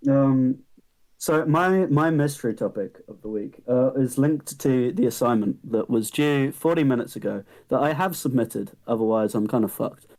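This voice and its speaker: A young man co-hosts a podcast in an easygoing, rambling way, with frequent pauses, fillers and casual swearing. His pitch sits in a plain middle range. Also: a little mellow, low-quality recording. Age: young adult. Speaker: podcast co-host.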